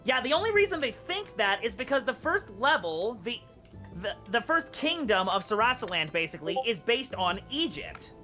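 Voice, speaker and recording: A woman's voice: a little high, big pitch swings, moderate pace, bright, forceful tone, faint music behind. A woman dropping into a stream to chat, eagerly explaining game trivia. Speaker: friend joining the stream.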